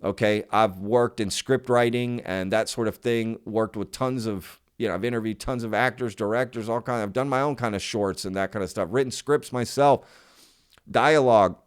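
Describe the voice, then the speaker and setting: A man's voice: on the low side, normal speed, clear, resonant tone. A man hosting his own channel, talking casually to viewers in an emphatic, skeptical way and often repeating himself. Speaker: channel host.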